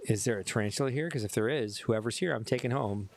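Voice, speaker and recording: A man's voice: medium pitch, quick pace, gravelly, a little hiss or hum. Tipsy Chicago man chatting on stream. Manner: rambling, self-mocking, talks to chat. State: tipsy from whiskey. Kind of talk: casual game livestream chat.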